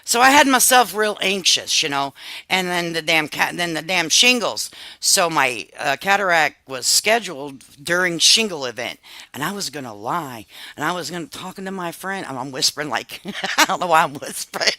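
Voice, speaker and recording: Bright-voiced woman chatting loosely on stream. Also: low-pitched, normal speed, dry recording. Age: 50s. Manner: animated, swears freely, confides to chat. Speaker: live stream host. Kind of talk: casual live-stream chat.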